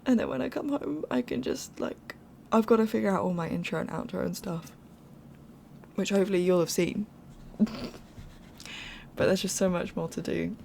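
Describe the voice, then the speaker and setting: A woman's voice: mid-range voice, normal speed, vocal fry, a little mellow, a little hiss or hum. A young woman giving casual, rambling voiceover commentary over a game build from home, chatty and apologetic, often laughing. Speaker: game speed-build creator.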